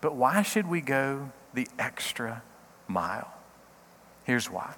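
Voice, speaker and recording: A middle-aged man, a pastor, giving a short devotional talk in an earnest, halting way, often repeating words. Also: mid-range voice, big pitch swings, a bit bright, long reverb tail, slight background noise.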